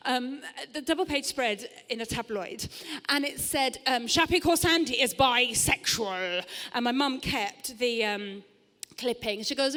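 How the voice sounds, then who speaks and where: A middle-aged woman works the room from a theatre stage, her high voice bright and chatty as she mocks herself and tosses quick asides to the crowd. A long reverb from the hall trails every line. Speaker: stand-up comedian. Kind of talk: live stand-up set.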